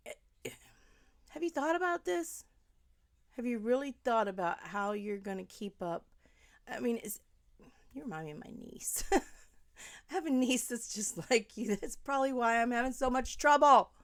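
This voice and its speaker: A woman's voice: a little high, expressive, normal speed, pauses often. Heated woman ranting to camera. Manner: heated, rambling, addresses the subject directly, drops to whispers. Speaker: commentary vlogger. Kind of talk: angry commentary monologue to camera.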